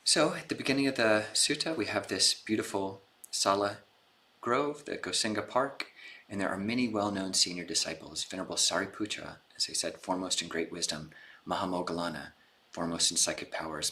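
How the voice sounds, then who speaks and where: Deep-voiced, bright-toned monk giving a dharma talk. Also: male voice, slight background noise. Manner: casual, chatty explaining with slangy retellings. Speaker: Buddhist monk teaching.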